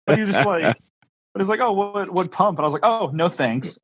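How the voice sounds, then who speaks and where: A man's voice: high voice, fast, fairly bright tone, slightly rough, poor audio. A man co-hosting a podcast, telling an awkward story in a rambling, self-deprecating way. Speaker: podcast co-host. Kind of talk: casual chat.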